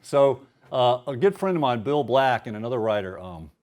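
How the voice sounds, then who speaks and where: A man's voice: medium pitch, lively intonation, moderate pace, a little mellow. A man in his fifties, an author at a university event, chatting casually with self-deprecating asides before reading his prose aloud.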